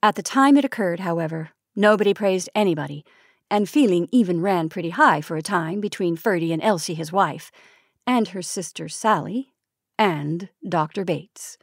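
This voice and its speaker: A woman from the San Francisco Bay Area reading vintage short stories aloud in a measured storytelling manner, lightly voicing the dialogue. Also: lowish voice, gravelly, dry recording, clean studio sound. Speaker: narrator.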